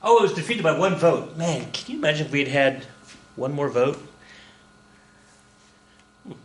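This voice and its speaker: A man's voice: on the high side, sing-song, moderate pace, roomy sound. A man teaching a history lesson for his students in a casual lecture, chatty and joking, with lots of fillers. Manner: chatty, jokey asides, frequent fillers. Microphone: recorded at a computer for students.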